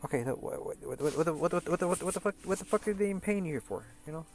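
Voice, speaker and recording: A man's voice: a little high, quick pace, darkish tone, faint music behind. A man streaming a game, talking in a profane, rambling rant full of restarts and repeated words. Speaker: gaming streamer. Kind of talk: casual chat over gameplay.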